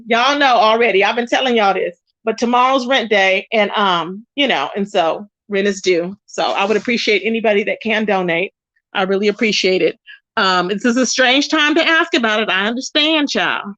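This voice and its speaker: A woman's voice: fairly high pitch, animated, moderate pace, a bit bright, no room sound, highs cut off. A woman hosting a casual livestream, talking to viewers and reading their comments aloud. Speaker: livestream host.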